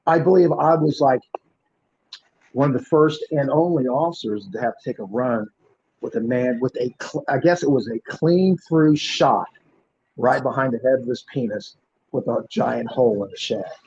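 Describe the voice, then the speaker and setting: A male podcast host and former police officer telling a story in an animated, punchy way, acting out the dialogue. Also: mid-range voice, moderate pace. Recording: muffled lo-fi recording.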